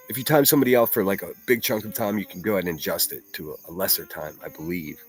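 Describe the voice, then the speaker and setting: A man with a lowish voice hosts a casual livestream, reacting to clips. He rambles, swears freely and breaks into laughter as he mocks what he plays. Soft music sits underneath. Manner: profane, laughing, rambling mockery.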